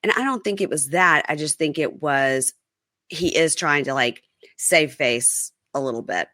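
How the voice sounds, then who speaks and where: A woman's voice: low-pitched, unhurried, pushed and bright, no echo, clean studio sound. A woman guest on a podcast, chatting casually and hedging her opinions with lots of "like.". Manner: chatty, hedging, uses "like" often. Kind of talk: casual chat.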